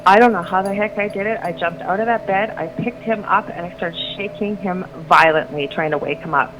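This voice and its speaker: A woman's voice: on the low side, fairly quick. A middle-aged woman telling a personal story as a radio guest, rambling and restarting her sentences. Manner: rambling, restarts sentences, animated when quoting others. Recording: lo-fi with noticeable background noise.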